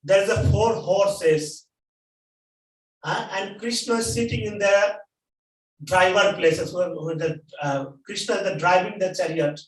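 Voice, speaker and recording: A man preaching a sermon at a temple, telling a story in halting English and repeating phrases for emphasis. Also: high-pitched. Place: temple hall. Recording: echoey hall, mic at a distance.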